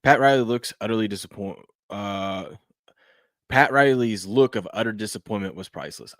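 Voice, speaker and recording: A man hosts a loose, casual sports talk show, his voice sitting a little low. He rambles and trips over his own sentences, restarting as he goes. The sound is close and dry, with no room around him. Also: fairly quick, dry recording. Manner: rambling, repeats himself, frequent restarts and fillers.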